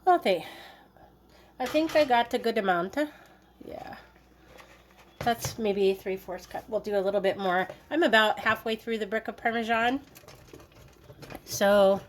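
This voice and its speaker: A woman's voice: on the high side, a little slow, long pauses, slight background noise. Playful woman chatting while cooking. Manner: playful, joking, chatty with laughs. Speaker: cooking vlogger. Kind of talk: casual cooking chat. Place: home kitchen.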